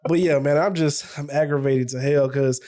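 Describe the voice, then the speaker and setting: A man's voice: a little high, fairly even intonation, normal speed, mellow. A man co-hosting a podcast, ranting in loose, profane casual chat and laughing often. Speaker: podcast co-host.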